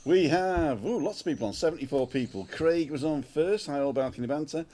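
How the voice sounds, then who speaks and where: A man hosts a casual livestream chat from an outdoor balcony, recorded on a smartphone, chattily greeting viewers and reading out their names. His voice is fairly high and dark in tone, and he talks briskly.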